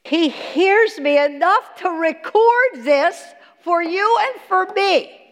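A woman teaches a sermon in a big hall, her high voice climbing and dropping as she questions her listeners. She speaks slowly, and the words ring on in the long reverb of the room. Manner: animated, talks to the audience with questions. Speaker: Bible teacher.

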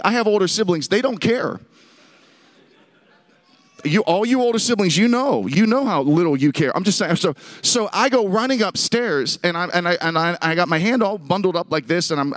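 Animated storytelling male camp speaker. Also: on the high side. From Pittsburgh. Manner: animated, self-deprecating storytelling with audience call-and-response. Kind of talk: storytelling sermon.

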